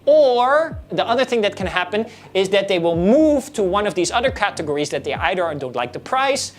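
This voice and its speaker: A woman's voice: mid-range voice, brisk, soft background music. A woman coaching real estate salespeople in a video lesson, explaining how to handle client objections and acting out the dialogues. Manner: animated, acts out client dialogues.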